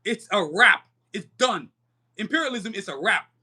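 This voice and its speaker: Brief: young male podcast host, high bright voice, angry profane rant, restarts a lot. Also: lively intonation, normal speed, slightly rough. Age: young adult. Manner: fiery, profane ranting; emphatic, repetitive stumbling restarts. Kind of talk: live-stream podcast monologue.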